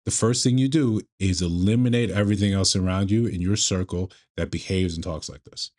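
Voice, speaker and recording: Male commentator, low register, lecturing, restarts mid-sentence. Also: a little mellow. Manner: measured, lecturing, with frequent restarts. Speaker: commentator reacting to a clip. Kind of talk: casual commentary.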